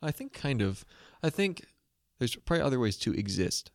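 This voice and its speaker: A man's voice: mid-range voice, very animated, moderate pace, no echo, studio quality. A young man co-hosting a podcast, talking casually in a thoughtful, hesitant way as he searches for words. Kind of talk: casual conversational chat.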